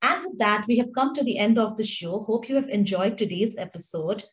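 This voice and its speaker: Brief: female host, medium pitch, bright scripted outro. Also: brisk. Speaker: show host. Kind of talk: scripted show sign-off.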